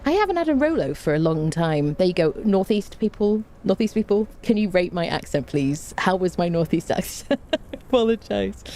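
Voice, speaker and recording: A woman with a low, mellow voice, chatting live with her viewers as she streams. She greets people by name and tosses in self-mocking dad jokes. The talk stays loose and friendly. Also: very animated, normal speed, a little hiss or hum. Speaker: game streamer reading chat. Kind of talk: casual live-stream chat.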